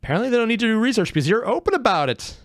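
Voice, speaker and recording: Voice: mid-range voice, very animated, racing, dry recording, clean studio sound. A host giving casual reaction commentary to an audio drama, chatty and often poking fun at themselves. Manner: chatty and self-mocking, with frequent likes and asides.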